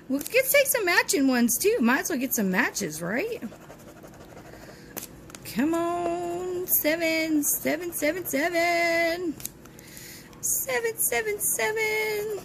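Bright, lively woman vlogger. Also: very high voice, creaky, slight background noise. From Texas. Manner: chatty and cheerful, chanting encouragement to herself. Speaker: host of a lottery scratch-off channel. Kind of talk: casual chat to viewers while scratching tickets. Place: at home, with dogs nearby.

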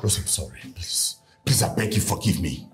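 A man's voice: deep voice, animated, moderate pace. A man with a Nigerian accent playing a remorseful father who begs for his daughter's life. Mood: pleading. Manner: pleading, begging repeatedly. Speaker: desperate father. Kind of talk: Nollywood film acting. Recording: echoey room with music score.

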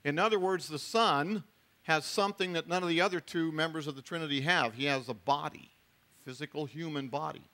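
A middle-aged male pastor preaches a sermon in a bright, forceful voice pitched a little above typical for a man, at a slightly quick pace. His delivery is conversational, with restarted phrases and asides tossed in.

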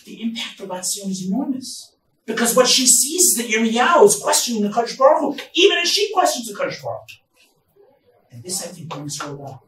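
A man teaching a Bible study class as rabbi, reading verses slowly and then explaining them with emphatic stresses. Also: sits high, sing-song, a bit bright. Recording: echoey room, mic far off, faint noise.

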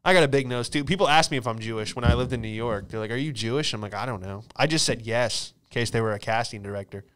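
Podcast guy cracking jokes, clean smooth voice, mid pitch. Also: fast talker, fairly bright tone. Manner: riffing, joking, laughing often, profane. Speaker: podcast host. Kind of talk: casual comedic chat.

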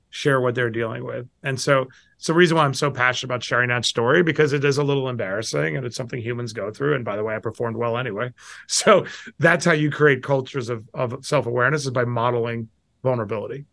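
This is a middle-aged man talking as a guest on an interview show. He tells candid stories about himself and acts out quotes with big swings in pitch. The sound is close and dry. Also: creaky, a bit bright, no room sound. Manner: candid and self-deprecating. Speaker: guest investor. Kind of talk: storytelling interview answers.

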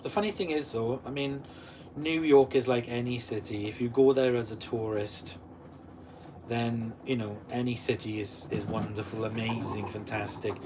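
A man's voice: mid-range voice, fairly even intonation, moderate pace, noisy background. A Welsh man in his forties hosting a live stream, reading out viewer comments and answering them in a chatty way. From Wales. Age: 40s. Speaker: channel host.

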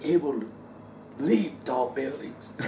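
Preacher, male, unhurried and theatrical, heard from a distance in a reverberant church hall. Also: high voice, expressive, gravelly, a little hiss or hum. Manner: dramatic, swings between loud outbursts and quiet asides; acts out biblical characters in voice. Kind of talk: sermon. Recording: roomy echo, distant mic.

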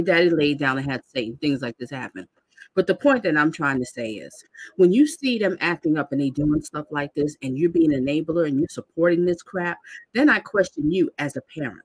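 A woman's voice: sits low, breathy edge, no echo. A woman hosting a live commentary stream, talking straight to her viewers in an indignant, lecturing way and reading out their comments.

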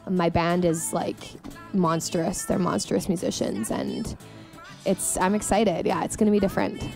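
A young woman from Canada, a singer being interviewed in a casual, upbeat chat, leaning on "like" fillers. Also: medium pitch. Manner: chatty, frequent "like" fillers, upbeat. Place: music venue, indoors.

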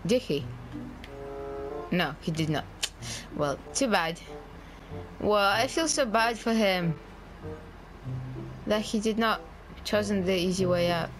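A woman's voice: mid-range voice, takes it slowly, pauses often, over music. A young woman, commentating a game and swearing at a friend. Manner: frustrated, swearing, yelling at a friend. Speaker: gaming YouTuber. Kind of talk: casual gameplay commentary.

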